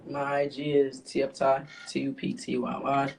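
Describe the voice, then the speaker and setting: A young man, a rapper guest, talking casually and haltingly with lots of fillers. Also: medium pitch, little pitch movement, creaky. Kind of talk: casual interview talk. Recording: faint background noise.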